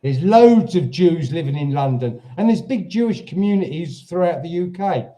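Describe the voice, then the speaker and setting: Hosting a relaxed livestream from his Portuguese home, this British man has a somewhat high voice with a dark tone, expressive delivery and moderate speed. He wanders between viewer comments and breaks off to speak to his dog.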